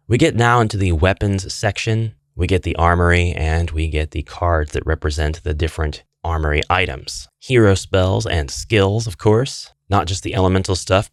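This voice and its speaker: A man's voice: deep voice, no echo, studio quality. A man hosting a fantasy gaming channel, paging through a guidebook in a chatty way and reading passages aloud. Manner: chatty, reads passages aloud, restarts phrases. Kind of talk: casual book walkthrough.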